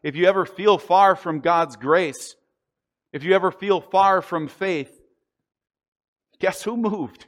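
A man preaching a sermon, earnest and deliberate, slowing down on the key phrases. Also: high voice. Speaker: pastor.

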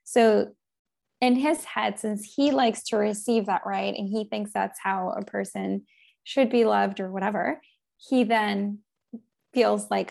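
A woman's voice: mid-range voice, steady tone, measured pace, creaky, darkish tone. A woman co-hosting a relationship talk show, chatting casually and explaining ideas with acted-out everyday examples. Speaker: guest co-host. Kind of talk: casual chat.

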